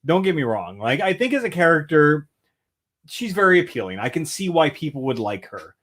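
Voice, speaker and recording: A man's voice: on the high side, normal speed. A man co-hosting a podcast in casual chat, ranting and swearing freely. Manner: profane, ranting, animated. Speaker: podcast co-host.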